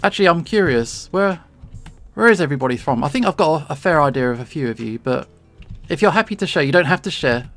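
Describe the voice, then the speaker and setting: A streamer with a London accent rambles cheerfully while doodling, often laughing at their own slips. The voice sits at a middling pitch with a gravelly, fry-laden edge. Faint music plays behind. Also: expressive, quick pace, a bit bright. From England. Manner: chatty, rambling, self-deprecating, laughs often. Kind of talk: casual chat while drawing. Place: home streaming setup.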